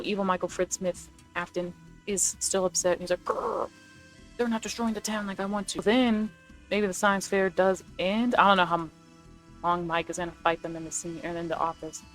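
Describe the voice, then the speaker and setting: Rambling excitable young woman. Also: lowish voice. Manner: rambling, excitable, self-correcting. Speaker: video creator. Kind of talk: casual chat, movie rewrite ideas.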